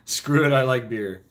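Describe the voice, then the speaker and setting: A man's voice: medium pitch, a bit bright, a little hiss or hum. Rambling, profane storytelling man. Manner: profane, rambling, frequent restarts and laughs. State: foot injured, limping.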